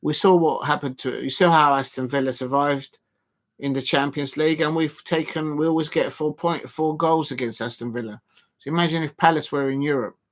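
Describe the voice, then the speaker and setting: A man's voice: on the high side, fairly even intonation, brisk. A man hosting a live football watch-along, chatting loosely to viewers and filling gaps with ums and restarts. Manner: rambling, full of fillers and restarts, talking to chat viewers.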